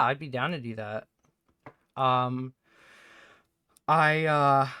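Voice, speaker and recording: A man streaming from home, chatting casually in a rambling, halting way, swearing often. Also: fairly high pitch, sharp tone, clean tone, dry recording, studio quality. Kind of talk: casual livestream chat.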